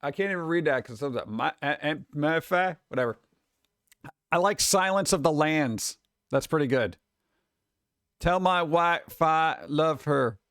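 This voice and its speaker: A man chatting casually on a stream, reading headlines and memes aloud and answering them with sarcastic, animated asides. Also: a little high, unhurried, no room sound, clean studio sound. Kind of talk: casual live-stream chat.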